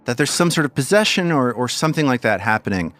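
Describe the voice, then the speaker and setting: Lively game master narrating a scene. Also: male voice, medium pitch, quick pace. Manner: relaxed, repeats words while thinking.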